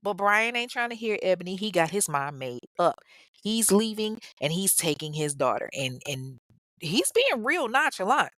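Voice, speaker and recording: A woman's voice: lowish voice, sing-song, moderate pace, fairly bright tone, no echo, clean studio sound. Sassy woman telling a true-crime story. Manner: sassy, profane, humorous asides. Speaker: podcast host.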